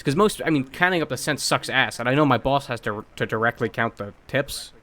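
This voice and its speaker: A young man co-hosting a podcast in casual chat, telling workplace stories in a blunt, profane, animated way. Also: medium pitch, a little fast, few pauses. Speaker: podcast co-host.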